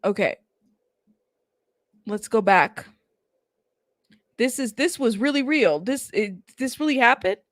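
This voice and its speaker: Woman, high voice, dry close sound, casual reaction talk, exasperated, laughing. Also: animated, takes it slowly, pauses often, no room sound. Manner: chatty, exasperated, laughs often. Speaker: commentary channel host.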